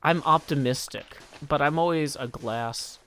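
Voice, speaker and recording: A man's voice: a little high, a little slow, fairly bright tone, slight background noise. A man casually chatting on a live stream while he plays, joking and reading viewer messages aloud.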